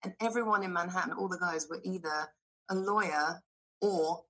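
Brief: British actress guest in her 40s, bright tense tone, animated and salty, laughs through her stories. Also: on the low side, moderate pace, low-quality recording. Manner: animated, laughing, profane storyteller. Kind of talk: casual podcast chat.

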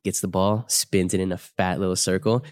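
A man's voice: low-pitched, level tone, normal speed, a little mellow, clean tone. A man on a podcast telling a story in casual, profane chat, acting out what people said. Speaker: podcast co-host.

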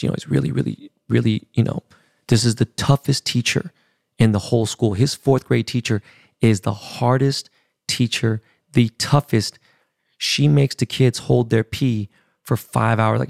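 A man's voice: mid-range voice, creaky, darkish tone, no echo, clean studio sound. A middle-aged man hosting a podcast, telling a personal family story in a candid, emotional way with casual profanity. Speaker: podcast host.

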